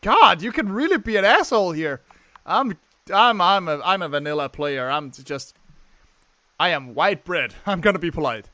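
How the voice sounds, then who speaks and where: A young man casually commenting while playing a game, sarcastic and quick to swear. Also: high voice, lively intonation, bright, forceful tone, no room sound, poor audio. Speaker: let's play gamer.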